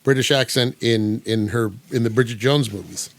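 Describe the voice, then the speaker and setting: A man's voice: medium pitch, moderate pace, slight background noise. A man from the United States hosting a casual podcast chat, rambling with many fillers and restarts. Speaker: podcast host.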